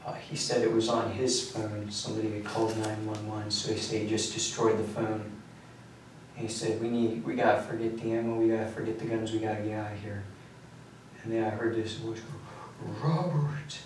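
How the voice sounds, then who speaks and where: A young man in his twenties, an inmate recounting events in a flat, matter-of-fact way during a prison interview. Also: on the low side, a little fast. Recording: very echoey room, distant mic, faint hum.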